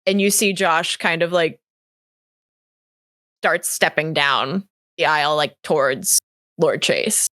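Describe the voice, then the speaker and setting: A woman narrating a tabletop role-play game as game master, in a casual way with fillers, putting on quick voices for the characters. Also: deep voice, fairly bright tone, no echo.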